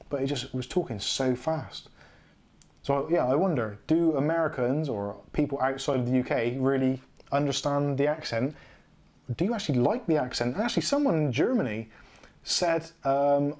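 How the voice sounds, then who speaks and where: A man's voice: fairly high pitch, darkish tone. A man from England with a West Country accent, hosting a casual livestream chat from home, rambling and correcting himself as he goes. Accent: English West Country. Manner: rambling, self-correcting, chatty. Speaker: livestream host.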